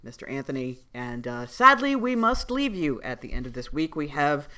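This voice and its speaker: A woman co-hosting a podcast in casual chat, with a lively, wry manner. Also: low voice, normal speed. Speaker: podcast co-host.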